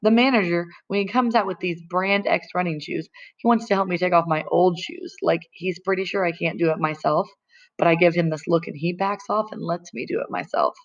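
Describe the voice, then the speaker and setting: A woman's voice: fairly low pitch, fairly quick, dull audio. A woman reading a first-person novel aloud in a plain, conversational narrating voice. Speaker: audiobook reader.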